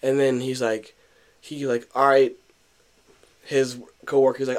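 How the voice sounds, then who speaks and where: A man's voice: mid-range voice, level tone, measured pace. A young man co-hosting a podcast, telling a story in casual chat, acting out what people said, with many fillers and restarts. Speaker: podcast co-host.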